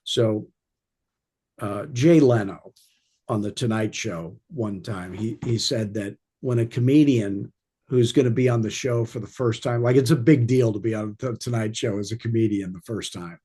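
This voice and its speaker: Low, husky-voiced man coaching sales. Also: moderate pace, dark tone. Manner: rambling, anecdotal, wry humor. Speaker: real estate sales coach. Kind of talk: informal training talk.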